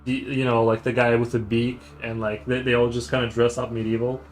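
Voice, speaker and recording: A man's voice: medium pitch, flat delivery, brisk, faint music behind, low-quality recording. A young man streaming his drawing, chatting casually and rambling with many fillers and restarts. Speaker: artist streamer.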